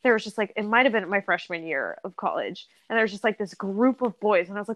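A woman's voice: medium pitch, big pitch swings, quick pace, hardly any pauses, a bit bright, dry recording. A young woman co-hosting a podcast, chatting casually with lots of fillers and laughter. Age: young adult. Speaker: podcast co-host. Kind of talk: casual chat.

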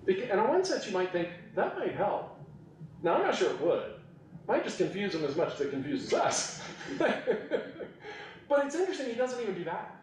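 Animated man in an echoey room. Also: high voice, fairly quick. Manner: animated, laughs often, eager asides. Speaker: podcast host teaching on scripture. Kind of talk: informal Bible teaching. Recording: echoey room, mic at a distance.

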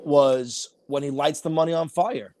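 A man with a fairly high voice chats casually and swears freely. He gets animated and slips into shouted, high impressions when he quotes people. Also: unhurried, slight background noise. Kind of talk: casual chat.

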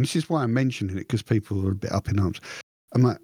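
A man co-hosting a podcast, chatting in a rambling, animated way with frequent restarts. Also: medium pitch, quick pace, breathy edge, no room sound, clean studio sound. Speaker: podcast co-host. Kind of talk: casual chat.

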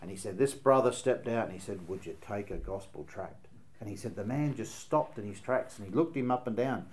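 A man's voice: mid-range voice, brisk, a little hiss or hum. A man with a Northern Irish accent preaching a sermon in an earnest, emphatic way, weaving in stories as he goes.

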